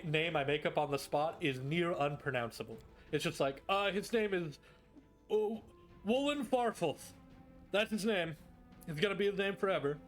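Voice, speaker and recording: A man streams a role-playing game and chats in joking, loose asides, his voice sitting fairly high for a man. Game music plays faintly behind him. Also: a bit bright. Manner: joking, chatty asides with laughter. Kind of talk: casual gaming stream chat.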